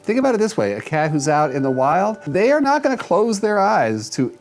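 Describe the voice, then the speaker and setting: A man's voice: high voice, very animated, brisk. A man hosting a casual video, explaining cat care to the camera in a chatty, demonstrative way with loose restarts. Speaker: host giving cat-care advice. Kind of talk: casual instructional talk to camera.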